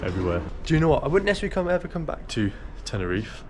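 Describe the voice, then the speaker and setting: Rapid-fire and very animated, this young male travel vlogger has a fairly high, slightly mellow voice. He chats casually and teases himself while wandering a town outdoors and driving his car, captured on noisy camera audio full of street ambience and traffic.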